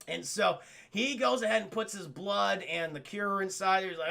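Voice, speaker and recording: A man streamer casually recapping a story to his chat, rambling, profane and excitable. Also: high voice, normal speed, vocal fry.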